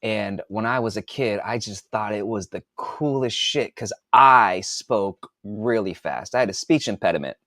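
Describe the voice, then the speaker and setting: A man's voice: lowish voice, measured pace, hardly any pauses, pushed and bright, no echo, studio quality. A man in his forties, an author hosting a podcast, chatting casually in a rambling, profane way and thinking aloud with restarts. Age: 40s. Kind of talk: casual livestream chat.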